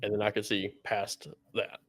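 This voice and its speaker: A man's voice: lowish voice, completely flat delivery, measured pace, fairly bright tone, no echo, clean studio sound. A man co-hosting a podcast, telling stories in a rambling, casual way and laughing often. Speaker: podcast co-host.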